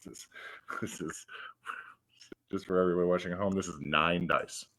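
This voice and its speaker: A man playing a tabletop game, describing his hero's actions in a rambling, animated way. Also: sits low, brisk, low-quality recording. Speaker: player. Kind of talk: casual tabletop game play.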